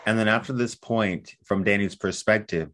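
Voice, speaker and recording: A man's voice: on the low side, normal speed, a bit bright. A man co-hosting a podcast, thoughtfully analyzing the magic of a fantasy book in casual talk. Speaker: podcast co-host. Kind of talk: casual chat about a fantasy novel.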